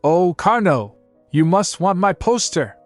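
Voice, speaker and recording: A man voicing an excitable, flustered little princess girl, exclaiming in a raised voice. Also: high-pitched, unhurried, soft background music, voice pushed up. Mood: teasing.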